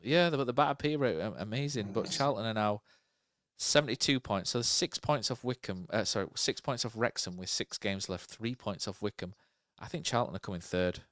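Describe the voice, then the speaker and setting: Low, smooth-voiced man chatting football. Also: brisk, a bit bright, dry recording, studio quality. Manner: rambling, thinking aloud with fillers and tag questions. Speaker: podcast co-host. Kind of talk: casual football chat.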